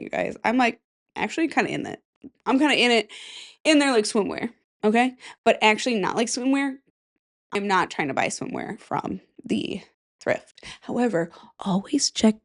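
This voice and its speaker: A woman in her thirties hosting a casual solo podcast, rambling and chatty and swearing freely. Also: mid-range voice. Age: 30s. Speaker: podcast host.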